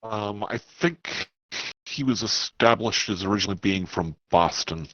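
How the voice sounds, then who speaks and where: A man in a tabletop game describes what his character does. He talks slowly and draws out his phrases. The sound is dry, with no room echo. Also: lowish voice, a bit bright, dull audio. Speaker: player.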